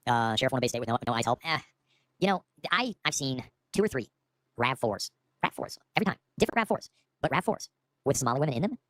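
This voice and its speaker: A man's voice: fairly high pitch, a bit bright, dry recording, studio quality. A man hosting a casual livestream from home, rambling and playful, often restarting his sentences. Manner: rambling, playful, self-interrupting. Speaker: livestream host.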